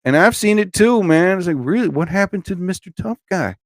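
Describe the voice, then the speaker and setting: A man's voice: high voice, expressive, a little fast, dry recording. Ranting man hosting a live stream. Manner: ranting, emphatic and blunt; greets chat viewers between points.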